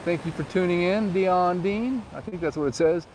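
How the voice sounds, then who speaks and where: A man in his forties chats loosely and playfully with live viewers while he rides around outdoors. His voice sits somewhat high and now and then leaps into excited squeals. Faint surf and waves wash behind him. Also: normal speed, slight background noise. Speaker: real estate agent and vlogger. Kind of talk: live-stream vlog chatting with viewers. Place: outdoors on the island, riding a golf cart near the surf.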